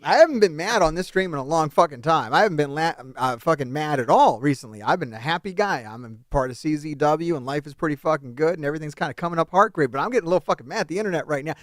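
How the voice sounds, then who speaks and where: Host from New Jersey, high expressive voice, swears freely, dry mic. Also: male voice, racing, hardly any pauses, no room sound. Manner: profane, ranting, loud outbursts. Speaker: podcast host. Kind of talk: casual wrestling review chat.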